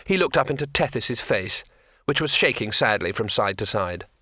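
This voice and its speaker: A man narrating an audiobook in a steady storytelling manner. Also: medium pitch, normal speed, slightly rough, no room sound, studio quality. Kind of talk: scripted narration.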